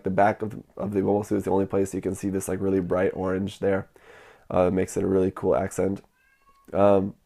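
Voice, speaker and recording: A man's voice: low-pitched, vocal fry, a little mellow. A man hosting his model kit video channel, talking casually with many fillers and a nasal voice from a cold.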